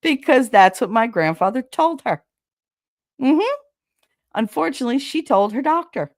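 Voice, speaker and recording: A woman's voice: high voice, sing-song, moderate pace, dry recording, studio quality. A woman hosting a podcast, telling gossipy, frank family stories in a casual chat and laughing often. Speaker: podcast host.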